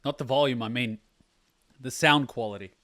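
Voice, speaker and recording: A man hosting an anime reaction video, chatting casually, excitable, with loose rambling anecdotes and free swearing. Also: medium pitch, moderate pace.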